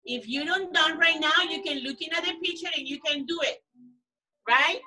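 A woman teaching young children in an online class, coaxing and praising them in simple, animated phrases. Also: sits high, moderate pace, recorded from a distance, rough recording. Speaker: preschool teacher.

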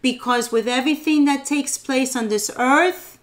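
A woman co-hosting a devotional podcast, speaking earnestly and reading scripture aloud in a measured way. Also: high voice. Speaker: podcast co-host.

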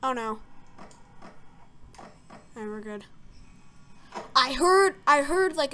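A young woman's high, pushed, bright voice is animated yet slow, with frequent pauses, as she comments on a game she's playing. The let's-play creator is jumpy and startles easily, gasping and squealing often amid rambling, filler-laden talk.

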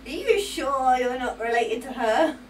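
A woman's voice: high voice, animated, unhurried, reverberant. A woman player in a tabletop game, teasing and giggly, on a distant mic with faint noise. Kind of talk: casual table banter.

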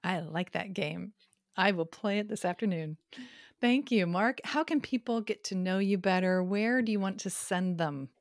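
A woman's voice: medium pitch, moderate pace, no echo, studio quality. A woman hosting a writing podcast, thanking her guest and closing the episode in an appreciative way. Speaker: podcast host, writing coach. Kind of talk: interview hosting and outro.

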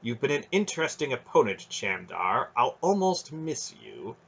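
Storybook sorceress, read by a man, cool and commanding, husky, dull lo-fi audio. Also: mid-range voice, very animated, normal speed, fairly bright tone, voice pushed up, exaggerated voice. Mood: cold.

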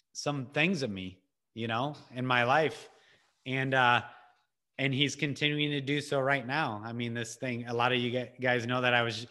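A man giving an impassioned personal testimony over a video call, earnest and emotional, casual in his wording, moving between raised urgency and hushed intensity. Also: mid-range voice. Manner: casual, with filler words and restarts. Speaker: ministry speaker.

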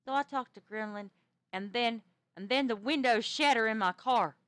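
A woman telling a ghost story in character, animated, with stammering restarts. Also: on the high side, moderate pace, smooth, dry recording.

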